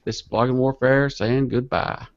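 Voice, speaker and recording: A man's voice: medium pitch, fairly even intonation, normal speed, vocal fry. A man hosting a casual video-call show, easygoing as he wraps things up. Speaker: host. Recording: dull lo-fi video call audio.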